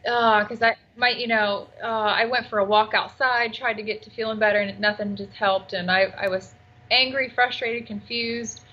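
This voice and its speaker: A woman's voice: fairly high pitch, steady tone, normal speed. A woman working as a medium in a casual chat, talking animatedly and laughing often as she relays messages. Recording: dull lo-fi audio.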